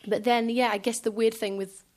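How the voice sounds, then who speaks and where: A woman musician speaking softly and hesitantly in a reflective interview in front of a live audience, filling pauses with small filler phrases. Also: a little high, little pitch movement. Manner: soft, hesitant, many fillers. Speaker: guest musician.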